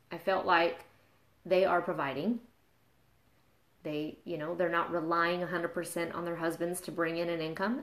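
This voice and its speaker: A woman's voice: lowish voice, fairly bright tone. A woman in her thirties, a mom and fitness trainer, talking candidly and confessionally in a casual live video. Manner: candid, confessional, gets emotional. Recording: echoey room.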